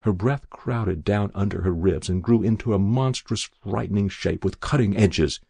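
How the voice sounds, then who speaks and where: A man narrating a literary short story in a measured, expressive way. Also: on the low side, gravelly, slightly rough, no echo. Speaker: reader.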